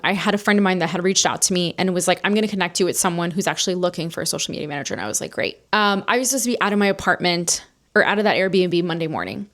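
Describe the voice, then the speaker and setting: Solo podcast host, woman in her 30s, rapid and candid, acts out the lines she quotes. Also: lowish voice. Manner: animated, candid storytelling with quoted dialogue.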